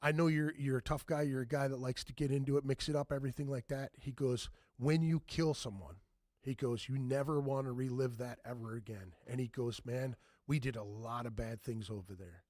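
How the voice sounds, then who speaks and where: A man's voice: mid-range voice, steady tone, a little fast, darkish tone, dry recording, clean studio sound. A man hosting a podcast talks casually and bluntly, swearing freely and calling his guest "dude" and "man.". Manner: blunt and profane, says "dude" and "man" a lot. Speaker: podcast host.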